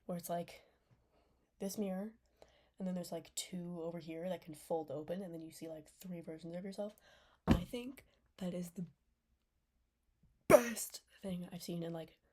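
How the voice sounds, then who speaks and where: A woman's voice: fairly low pitch, normal speed, long pauses, dark tone, a little hiss or hum. A young woman recapping a TV series in a casual, rambling way, full of fillers and often dropping into a whisper. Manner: rambling, lots of "like", drops into whispers. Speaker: vlogger reviewing a TV series.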